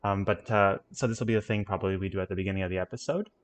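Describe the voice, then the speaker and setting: A man's voice: low-pitched, fairly even intonation, rapid-fire. A man hosting a game stream in casual chat, playfully trying out accents.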